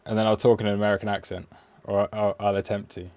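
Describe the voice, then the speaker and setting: A man's voice: lowish voice, level tone, quick pace, a little mellow, no room sound. A man, chatting playfully on a live trading stream and talking at the price chart.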